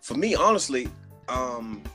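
A man in casual podcast chat, animated and emphatic, often restarting his sentences. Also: mid-range voice, unhurried, faint music behind. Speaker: podcast guest.

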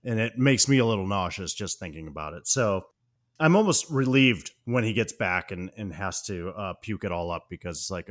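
Low-voiced guy on a film podcast, gets animated reacting to scenes. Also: normal speed. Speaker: podcast co-host. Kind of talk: casual movie chat.

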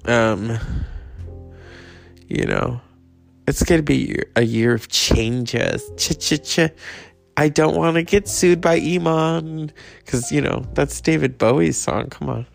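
A man's voice: a little high, takes it slowly, gravelly, soft background music. A man hosting a solo podcast, rambling and meandering with lots of fillers. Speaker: podcast host.

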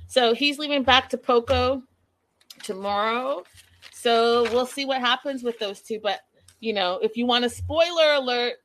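Animated gossipy woman vlogger. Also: fairly high pitch, unhurried, dry recording. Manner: animated, gossipy, dramatic asides. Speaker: vlogger recapping a reality show. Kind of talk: casual chat.

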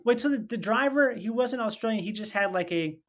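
A man's voice: sits high, expressive. A man hosting a casual chat, asking questions and tossing in playful jokes. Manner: quick interjections and playful jokes.

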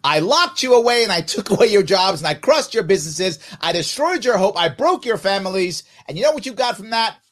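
A man voicing a smug, cruel male warlord villain who speaks in a slow, low, gloating way. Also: expressive, fairly bright tone.

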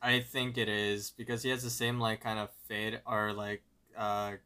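A man's voice: lowish voice, normal speed, clean tone. A man co-hosting a podcast, chatting casually about a cartoon episode with hesitant fillers. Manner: relaxed conversational commentary, hesitant fillers. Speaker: podcast co-host.

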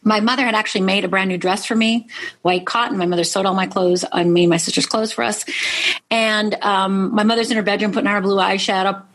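A middle-aged woman from Upper Michigan speaks as a guest in an interview, recounting her own story. Her voice is somewhat husky at a mid pitch, and she talks earnestly, often tagging lines with "right?". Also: steady tone, fast. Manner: earnest, frequent "right?" tags. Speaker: life coach guest.

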